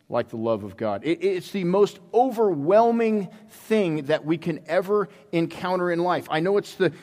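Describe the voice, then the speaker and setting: A man's voice: sits high, darkish tone. Man preaching in an echoing church. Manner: storytelling, halting restarts. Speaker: pastor. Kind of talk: sermon. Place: church sanctuary. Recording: long hall reverb.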